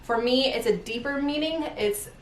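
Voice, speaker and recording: A woman's voice: high voice, moderate pace, a little hiss or hum. Chatty young woman vlogging in a roomy space. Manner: chatty, rambling, laughs mid-sentence. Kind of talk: casual chat while folding laundry. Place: room at home, indoors. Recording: roomy home recording from a distance.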